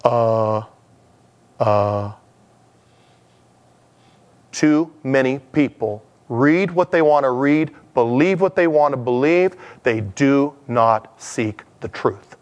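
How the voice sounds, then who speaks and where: A man's voice: medium pitch, takes it slowly, few pauses, highs cut off. A man preaching a conversational sermon in a chatty manner, acting out dialogues as he teaches. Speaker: pastor.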